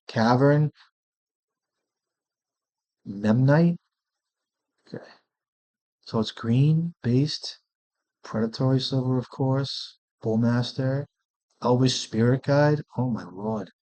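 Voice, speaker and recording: A man's voice: mid-range voice, slow pace, long pauses, a little mellow. A man streaming a card game, thinking aloud in casual, profane commentary and often muttering to himself.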